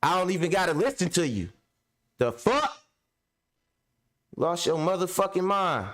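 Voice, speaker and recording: A man's voice: sits high, expressive, unhurried, fairly bright tone. A young adult man hosting a podcast, venting angrily about a tenant, swearing heavily and talking in slang. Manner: heavy profanity, slangy, ranting. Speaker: podcast host and landlord. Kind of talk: angry venting monologue.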